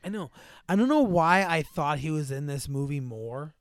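Casual male co-host, higher-pitched and smooth, rambling storyteller who acts out every line, dry close mic. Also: animated, moderate pace, no room sound. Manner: rambling, filler-heavy, acts out characters in a raised voice. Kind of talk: casual chat retelling a movie.

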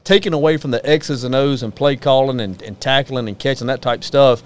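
A man's voice: mid-range voice, fairly quick, clear, resonant tone. A man hosting a casual sports talk show, folksy and opinionated, ribbing his guests.

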